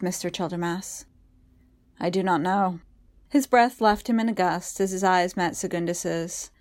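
Low-voiced woman narrating fiction. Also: a little mellow.

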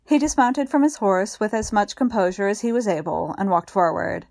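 A woman narrating a story in a calm, measured audiobook reading. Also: medium pitch, no room sound, studio quality. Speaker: story reader.

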